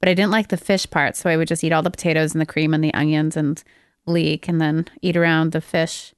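A woman in her thirties co-hosting a podcast, telling relaxed stories in casual chat. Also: low-pitched, brisk, clear, resonant tone, no room sound, studio quality. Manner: relaxed, reminiscing storyteller. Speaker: podcast co-host.

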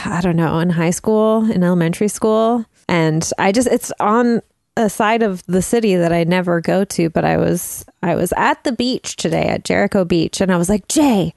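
A woman co-hosting a podcast, talking casually with quick asides and plenty of laughs. Her mid-range voice is recorded close and dry, with no room sound around it. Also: lowish voice, creaky, a little mellow, no echo. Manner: quick, joking, laughs a lot. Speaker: podcast co-host. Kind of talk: casual chat.

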